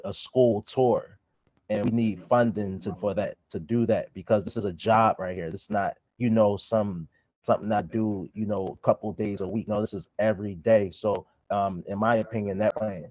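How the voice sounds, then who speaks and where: A man with a low voice gives feedback as a community partner, pausing and hunting for words as he builds his points. The sound is dull and dry, with no room around it. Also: darkish tone, dry recording. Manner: halting, searching for words. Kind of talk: conversational feedback.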